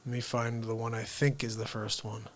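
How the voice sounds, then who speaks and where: A man hosting a comedy livestream, chatting casually and rambling in a low-key, soft-spoken way. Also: little pitch movement, normal speed, slight background noise.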